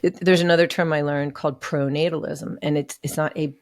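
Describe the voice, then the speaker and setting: A woman's voice: low-pitched, fairly even intonation, brisk, darkish tone, no echo, studio quality. A woman guest on a podcast, sharing a hard personal story in an earnest, emotional way. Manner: earnest, emotional, acts out what others said. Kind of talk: candid personal story in an interview.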